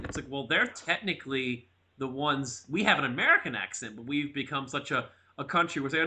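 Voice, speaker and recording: A man's voice: mid-range voice, lively intonation, brisk, pushed and bright. A man hosting a sports interview show, chatting casually and often stumbling over repeated words.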